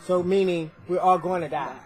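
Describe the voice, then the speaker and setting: A man's voice: high-pitched, steady tone, normal speed, a crowd in the background. A man in his forties co-hosting a casual chat, earnest and supportive, agreeing often. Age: 40s. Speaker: podcast co-host.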